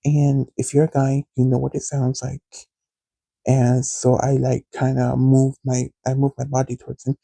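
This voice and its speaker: A mid-range, gravelly, warm, husky male voice delivered completely flat at normal speed, on a rough recording with no room sound. As a podcast host, he tells a personal story candidly and ramblingly, talking straight to listeners.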